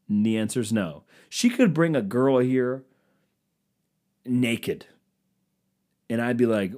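A young man riffs alone on his comedy podcast, his pitch bouncing up and down as he rambles. He mocks himself and turns to an imaginary crowd for jokey asides. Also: animated, slow, long pauses, a little mellow. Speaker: podcast host. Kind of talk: solo comedic podcast rant.

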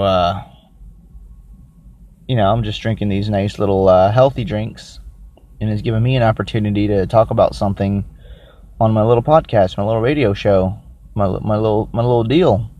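A man hosting a casual solo podcast who rambles, thinks out loud and makes crude, self-mocking jokes while reviewing a drink. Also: lowish voice, muffled recording. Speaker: podcast host.

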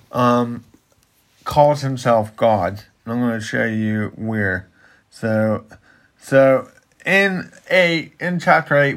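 A man explaining Bible passages in a casual chat, halting and repeating himself as he builds to his point. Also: medium pitch, fairly bright tone. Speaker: Bible teacher and podcast co-host.

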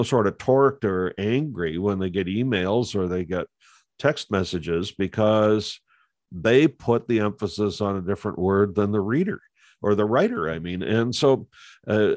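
A man's voice: lowish voice, no echo, studio quality. A man talking earnestly in a conversational podcast, with frequent fillers and restarts as he makes his point about communication.

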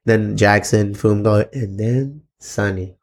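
A man in his thirties co-hosting a casual podcast, an animated storyteller who jokes and acts out other people's voices. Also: fairly low pitch, takes it slowly. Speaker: podcast co-host. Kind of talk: casual chat.

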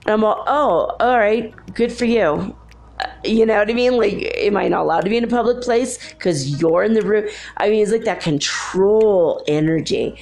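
A woman's voice: mid-range voice, brisk, creaky, darkish tone. A woman talking in a casual vlog monologue, rambling through a story with lots of filler words.

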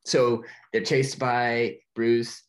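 A man's voice: mid-range voice, flat delivery, extremely slow. A man retelling a film plot in casual chat, talking loosely with many fillers and restarts and laughing often. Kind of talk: casual movie recap chat.

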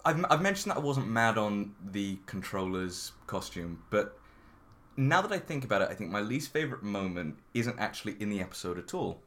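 A man hosting a casual podcast chat, relaxed and steering the discussion. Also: on the low side, fairly quick. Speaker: podcast host.

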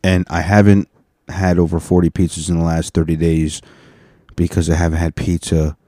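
A man hosting a casual solo podcast, tired and rambling, profane, sometimes breaking into loud rants, speaking into a mic on a stand. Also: low-pitched, flat delivery, normal speed, no echo, studio quality. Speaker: podcast host. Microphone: studio mic on a stand.

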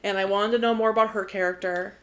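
A woman's voice: mid-range voice, fairly even intonation, fast talker, fairly bright tone. A young woman co-hosting a podcast in casual chat, gushing and swearing freely as she talks. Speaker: podcast co-host.

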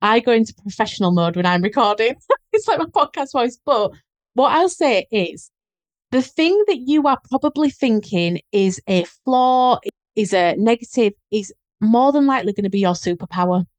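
A woman's voice: a little high, animated, normal speed, a little mellow, no room sound. A woman with a Yorkshire accent, a guest on a podcast, talking in an earnest, encouraging way and speeding up when she quotes others. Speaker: guest, business coach. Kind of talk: casual podcast chat.

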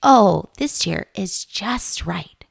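A woman voicing a hungry, tired little girl in a storybook reading, speaking slowly and drawn-out. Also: mid-range voice, expressive, creaky, dry recording, exaggerated voice.

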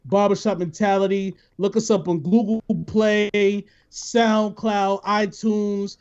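A man hosts a podcast with loose, joking banter and frequent laughter. His voice sits high, and the recording sounds dull and lo-fi. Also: flat delivery, slow pace, a little mellow, clean tone. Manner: joking, laughs often, runs the show. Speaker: podcast host.

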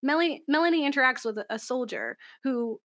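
A young woman with a high voice talks in a loose, casual podcast chat. She is animated and laughs often. Her sentences run on with likes and ums. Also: normal speed.

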